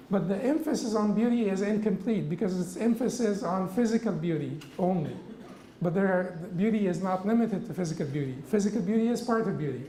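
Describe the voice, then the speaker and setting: A man giving a religious classroom lecture, halting with frequent restarts and rhetorical questions. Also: high voice, dark tone, reverberant, a little hiss or hum, rough recording.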